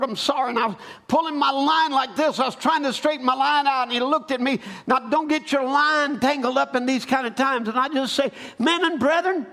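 A man preaching a sermon, rising from calm storytelling into loud, fervent exhortation. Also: extremely high pitch. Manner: building to shouted exhortation.

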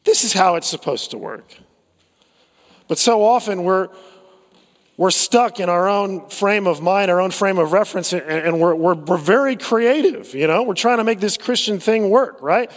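A male pastor delivers a relaxed, storytelling sermon, often circling back on his words. His voice sits a bit high for a man. The sound rings with a long hall reverb. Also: normal speed. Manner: storytelling, conversational, with fillers and repeats.

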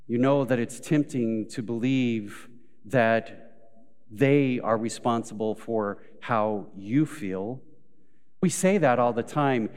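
A man's voice: mid-range voice, takes it slowly, smooth. A male pastor preaching a live sermon, telling everyday stories and acting out what people say, building to emphatic peaks before dropping back down. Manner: storytelling with acted quotes, rising to emphatic peaks. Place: church sanctuary. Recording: live church recording with long hall reverb.

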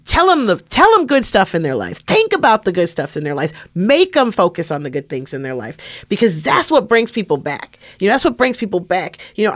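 A woman, an army veteran turned chaplain, speaks as an interview guest. Her delivery is earnest and emphatic. She circles back to phrases to drive them home. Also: mid-range voice.

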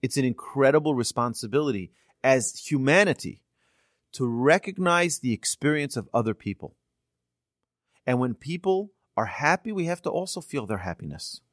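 Speaking at a moderate pace with a medium-pitched voice, a rabbi gives an earnest, story-filled sermon. He tells his stories with animation, letting his voice climb at the important moments. The recording is dry and studio-clean.

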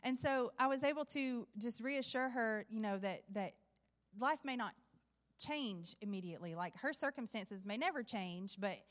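A woman's voice: a little high, normal speed. A woman giving a personal testimony in church, telling her story earnestly and acting out what was said. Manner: earnest storytelling, acts out quoted dialogue. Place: church sanctuary. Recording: long hall reverb.

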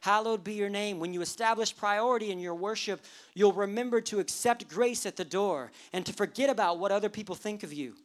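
Male pastor, thirties, preaching; animated and humorous storyteller. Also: high-pitched, a little fast. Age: 30s. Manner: animated storytelling, acting out worshippers' inner thoughts with humor. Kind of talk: sermon.

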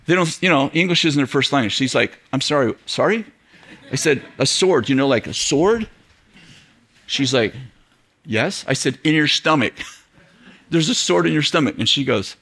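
A middle-aged man preaching to a church audience, telling a story in an animated way, acting out quoted voices and laughing often. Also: a little high, normal speed. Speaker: pastor. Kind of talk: storytelling sermon.

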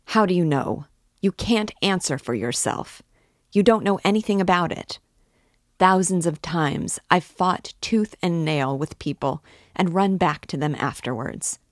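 A woman reading aloud, voicing a hot-tempered young man who scolds and blusters at his friend in raised, rapid outbursts. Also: low voice, no echo, studio quality. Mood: blustering.

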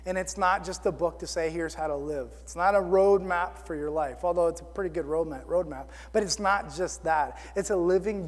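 A man preaching a sermon in an animated, excitable way, full of casual fillers. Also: a little high. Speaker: pastor. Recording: long reverb of a hall.

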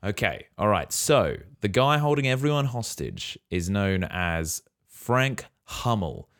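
Deep-voiced podcast man recapping. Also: slow, no echo, studio quality. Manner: relaxed storyteller, quizzes co-host. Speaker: podcast host. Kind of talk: casual movie recap.

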